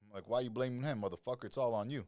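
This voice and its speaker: A middle-aged man, a lifestyle coach talking as a podcast guest, who tells animated stories, swears freely and acts out the people he quotes. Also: medium pitch, racing, dry recording. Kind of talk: casual podcast conversation.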